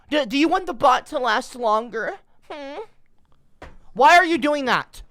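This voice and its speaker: A man's voice: high voice, huge pitch swings, moderate pace, pushed and bright. A man livestreaming, talking casually to his chat, rambling and irritable, swearing often.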